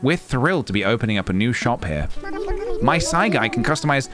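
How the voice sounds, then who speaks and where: A man voicing a sweet, doting female alpaca shopkeeper from a video game in a slow, gentle read. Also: medium pitch, big pitch swings, voice pushed down, close to an everyday voice. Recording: game music behind voice.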